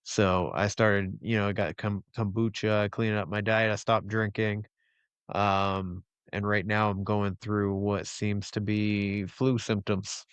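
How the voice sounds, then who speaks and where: Smooth-voiced man telling a crude story. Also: on the low side, a little slow, no echo. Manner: crude, animated storytelling with swearing. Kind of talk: casual chat.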